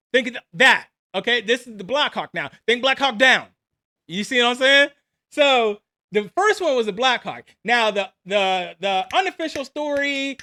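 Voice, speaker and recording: A man in his forties, an army veteran, telling a personal war story in a casual, animated way, acting out the dialogue and laughing between lines. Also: extremely high pitch.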